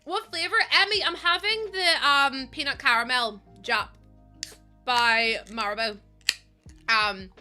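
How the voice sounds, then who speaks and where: Young woman, chatty streamer, bright crisp voice, fairly high, faint music behind. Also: measured pace. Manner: chatty, laughs often, reads chat aloud. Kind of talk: casual live-stream chat while gaming. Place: room at home.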